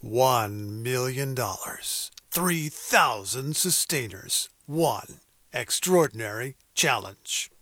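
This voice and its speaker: A male radio host putting on a slow, dramatic movie trailer announcer voice for a fundraising promo. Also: medium pitch, lively intonation, a bit bright, no room sound, pitched below the performer's own voice. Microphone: studio mic.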